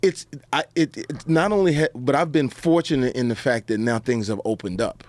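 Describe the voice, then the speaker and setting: Male talk-show guest, animated storyteller who mimics the people he quotes, dry close recording. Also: brisk, no room sound. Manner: acts out quotes in high put-on voices.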